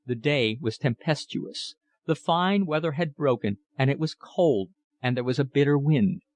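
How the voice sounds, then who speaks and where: A man narrating a classic novel audiobook in a measured, even reading. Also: mid-range voice. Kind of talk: scripted narration.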